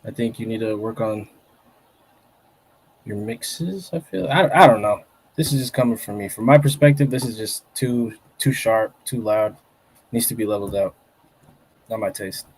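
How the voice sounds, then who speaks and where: A man's voice: lowish voice, normal speed, pauses often, a little mellow, husky. Blunt man giving track feedback. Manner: blunt, hesitant restarts. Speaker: co-host reviewing listener tracks. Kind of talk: casual chat.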